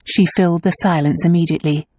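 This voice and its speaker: A woman reads a romance novel aloud in a measured storytelling manner. Her voice is on the low side for a woman. The recording is dry and close, with no room sound. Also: fairly even intonation, dark tone, no room sound. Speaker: audiobook narrator. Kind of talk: scripted novel narration.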